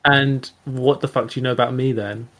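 A man's voice: mid-range voice, fairly even intonation, moderate pace, a bit bright. A young man hosting a comedic podcast sketch, snippy, sarcastic and indignant as he bickers with his co-host.

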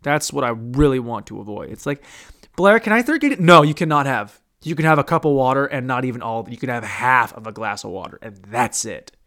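A man's voice: medium pitch, fairly quick, few pauses, sharp tone. A man hosting a casual podcast on his own, rambling crudely and mocking himself as he talks. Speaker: podcast host. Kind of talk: casual solo podcast monologue.

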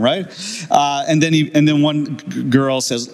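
A man's voice: on the high side, fairly even intonation, normal speed, gravelly, a little mellow. An older man, a preacher, giving a sermon in a church, telling a personal story and acting out the other people's lines with laughter. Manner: storytelling, acts out quoted voices with laughs.

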